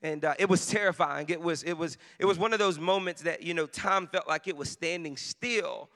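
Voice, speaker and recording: A man preaching a sermon, telling a personal story in a conversational way and rising to shouted emphasis. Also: a little high, moderate pace. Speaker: pastor. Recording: long reverb of a large hall.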